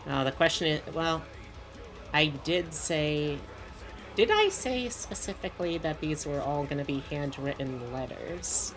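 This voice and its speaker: A woman's voice: low voice, animated, unhurried, soft background music. A woman VTuber chatting casually while she draws on stream, rambling with lots of asides.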